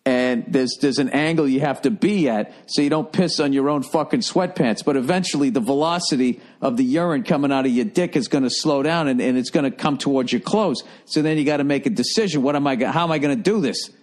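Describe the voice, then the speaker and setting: A man's voice: mid-range voice, a little fast, few pauses. A man hosting a comedy podcast, telling a rambling, profane story in a casual monologue. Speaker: podcast host.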